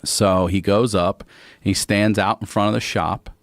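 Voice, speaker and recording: A man's voice: fairly low pitch, measured pace, dry recording. A man from Baltimore telling a long funny story in casual chat, acting out voices as he goes. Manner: animated, acts out voices and sings bits. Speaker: comedian guest.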